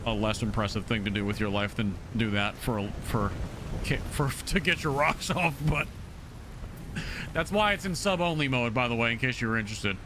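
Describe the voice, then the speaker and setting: A man streaming a video game live, chatting casually and excitably shouting thanks to his supporters. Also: mid-range voice, moderate pace, noisy background.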